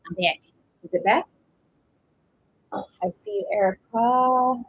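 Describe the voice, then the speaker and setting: A woman doing a live-stream tarot reading, chatty, with breathy pauses and drawn-out exclamations. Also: a little high. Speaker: tarot reader. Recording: dull lo-fi stream audio with faint noise.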